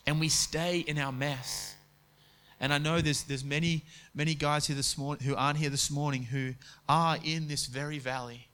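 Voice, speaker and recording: A man preaching a sermon in a conversational way, dropping to soft, quiet tones when he speaks God's words. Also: on the high side, steady tone, normal speed. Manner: conversational preaching, quotes God and Joshua, drops to soft tones.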